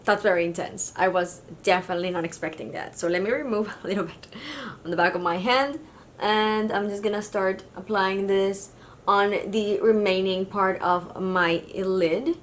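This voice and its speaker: A woman's voice: medium pitch, fairly even intonation, moderate pace, slight background noise. A woman from Mexico, a beauty vlogger, chatting casually through a makeup tutorial with easy fillers.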